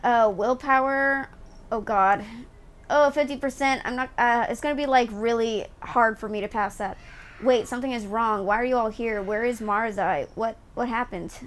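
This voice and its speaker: A woman's voice: fairly high pitch, moderate pace. A young woman at home giving chatty, giggly live commentary while she plays a game. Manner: giggly, chatty, reacts with bursts of laughter. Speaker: game streamer.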